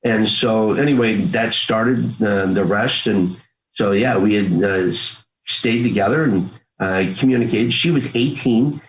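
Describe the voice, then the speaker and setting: Speaking at a measured pace in a low voice, a US man in his sixties, a former Marine, shares his story with an interviewer. His storytelling is earnest, folksy, and conversational, and he acts out old family talk, though the audio is poor.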